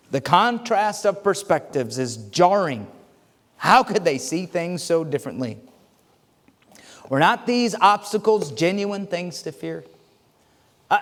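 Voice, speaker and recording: A male pastor preaching in a church, his voice a touch higher than most men's. He tells stories with animated swings between loud, emphatic lines and quiet asides, often stumbling through restarts. The sound rings with the long reverb of the hall. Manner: frequent restarts and stammered fillers. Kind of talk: sermon. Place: church sanctuary.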